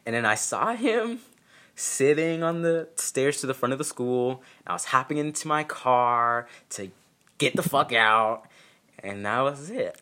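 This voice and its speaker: A man's voice: mid-range voice, expressive, unhurried, bright, forceful tone. A young man casually telling a personal story, candid and profane with self-mocking humor.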